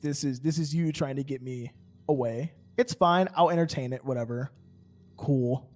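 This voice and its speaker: Speaking at normal speed in a medium-pitched, darkish voice, a man roleplays on a game server. He tells an in-character story as rambling casual chat, peppered with fillers and stammered restarts.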